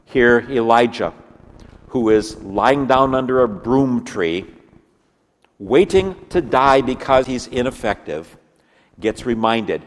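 Earnest male pastor preaching in a hall. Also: slow. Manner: earnest preaching, swinging between lively emphasis and hushed low passages. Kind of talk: sermon.

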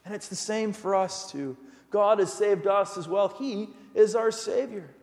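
A man's voice: high-pitched, measured pace, darkish tone. A man preaching a sermon as pastor, earnest and emphatic, asking his listeners pointed rhetorical questions. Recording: long hall reverb.

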